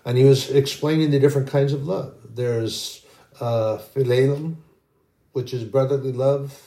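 A man's voice: mid-range voice, steady tone, measured pace, dark tone. Earnest middle-aged man preaching. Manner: earnest, rambling, with frequent restarts. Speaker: Christian video preacher. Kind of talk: informal sermon.

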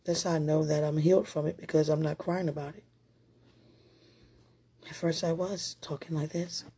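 A woman's voice: low-pitched, fairly even intonation, moderate pace, mellow, slightly rough. A woman giving an emotional personal testimony, talking straight to her partner in a heartfelt, rambling way with prayerful asides.

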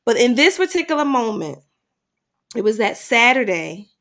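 A middle-aged woman telling a personal story in conversation, animated at times and quiet at heavy moments. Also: a little high. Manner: animated, acts out dialogue in quick bursts. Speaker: guest sharing a personal story.

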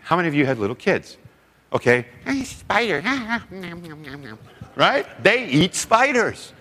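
A man's voice: a little high, normal speed. A man preaching a sermon to a seminar audience, telling stories and acting out quoted voices. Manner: animated storytelling with acted-out quotes. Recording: long hall reverb.

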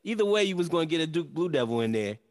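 A man's voice: on the high side, sing-song, very fast. A man hosting a casual sports podcast, asking teasing questions with frequent stammered restarts. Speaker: podcast host.

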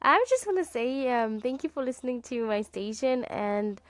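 A woman's voice: sits high, animated, moderate pace, dry recording. A woman from Romania hosting a casual podcast, chatting and thanking listeners who called in, often laughing. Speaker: podcast host.

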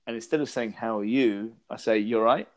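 A man's voice: mid-range voice, fairly quick. A middle-aged British man co-hosting a casual podcast, telling stories in a chatty way with frequent restarts and laughter. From Britain. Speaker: podcast co-host. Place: lives in Los Angeles.

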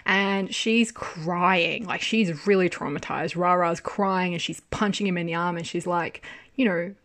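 A woman's voice: on the low side, measured pace. Exasperated woman ranting about a drama. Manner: animated, exasperated, swears freely and laughs often. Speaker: drama reviewer. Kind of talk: casual spoken review.

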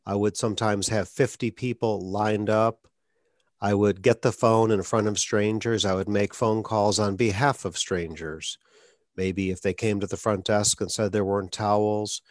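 A man's voice: lowish voice, no room sound, clean studio sound. A man from Atlanta, hosting an interview and speaking plainly about his own stuttering. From Atlanta, Georgia, US. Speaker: podcast host.

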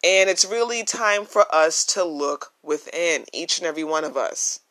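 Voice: mid-range voice, lively intonation, normal speed, pushed and bright. Earnest podcast host on a phone. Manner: earnest and emphatic, repeats key phrases. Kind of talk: casual solo podcast monologue. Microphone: phone, no microphone.

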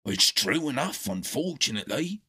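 A man voicing a loyal male dog in a storybook reading, husky, urgent and pleading. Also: mid-range voice, big pitch swings, normal speed, pushed and bright, heavily acted. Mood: earnest.

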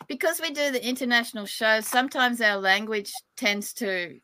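A woman's voice: a little high, normal speed, sharp tone, slight background noise. An Australian woman from Australia, chatting casually on a show and laughing often. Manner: giggly, chatty. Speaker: psychic medium guest. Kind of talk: casual chat.

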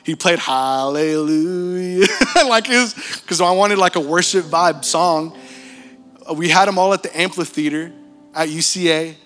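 A young man preaching, telling his story in an animated, casual way with slang and frequent laughter. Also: a little high, normal speed. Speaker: pastor. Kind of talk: sermon testimony. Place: large church hall. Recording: church hall reverb with music.

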